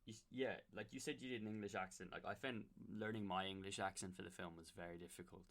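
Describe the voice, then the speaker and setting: A young man with a Dublin accent, a guest on a podcast, telling stories in a relaxed way with plenty of fillers. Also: low-pitched, fast talker. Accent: Dublin Irish. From Ireland. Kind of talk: casual chat.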